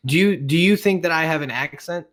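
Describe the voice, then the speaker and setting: A man from Chicago with a Midwestern American accent, hosting a podcast interview, friendly and quick to laugh. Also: a little high, a bit bright. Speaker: podcast host. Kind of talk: casual interview conversation.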